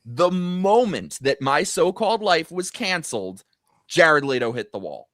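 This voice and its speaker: A middle-aged man hosts a casual live stream and tells a story about running into someone years ago. His pitch climbs and falls a lot as he tells it, and the sound is dry and close to the mic. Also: unhurried, no echo. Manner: chatty, storytelling, swings high in pitch when excited. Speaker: host.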